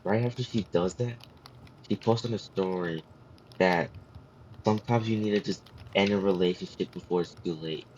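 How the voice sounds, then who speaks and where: A man's voice: low-pitched, a little mellow, slight background noise. A man in a casual voice chat, rambling through silly made-up scenarios. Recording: slightly muffled voice chat audio.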